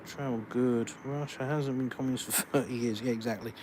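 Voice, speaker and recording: A man's voice: medium pitch, fairly even intonation, fairly quick, hardly any pauses, darkish tone, a little hiss or hum. A man from the UK with an English accent, hosting a live stream from a village and answering chat questions with blunt, dry sarcasm. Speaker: livestream host. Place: outdoors in a village.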